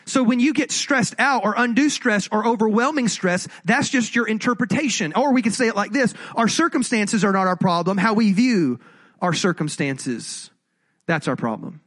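High-voiced man preaching a lively sermon. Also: normal speed. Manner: animated, conversational, jokey preaching. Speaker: pastor.

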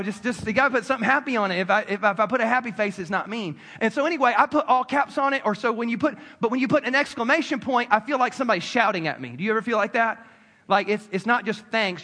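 A man's voice: sits high, pushed and bright. A man preaching a sermon as a pastor, talking to his congregation in a loose, conversational way full of repeats and asides. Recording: long hall reverb.

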